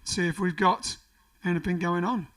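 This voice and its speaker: A man's voice: sits high, steady tone, normal speed, a bit bright, recorded from a distance. Man, casual livestream host, rambling and jokey, voice set back from the mic. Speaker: livestream host reading viewer comments. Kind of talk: casual chat. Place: home during lockdown.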